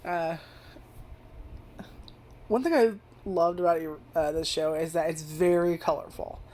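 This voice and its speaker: A woman's voice: lowish voice, a little slow, mellow. A young woman casually reviewing an anime, rambling and swearing, with lots of "like" fillers. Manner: rambling and profane, heavy use of filler "like".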